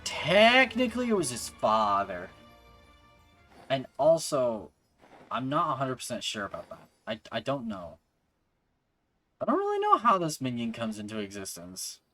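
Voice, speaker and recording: A man's voice: medium pitch, wildly swooping pitch, measured pace, pauses often, bright, forceful tone, faint music behind. Rambling, wry male game streamer. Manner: rambling, self-interrupting, wry. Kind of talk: casual livestream chat while playing.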